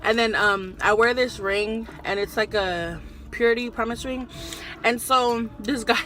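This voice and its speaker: A woman's voice: fairly high pitch, unhurried, soft background music. A young adult woman chatting casually on her vlog, telling work stories and acting out the customers' voices. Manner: animated storyteller who acts out customers' voices. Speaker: vlogger and sandwich shop worker. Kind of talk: casual chat while eating.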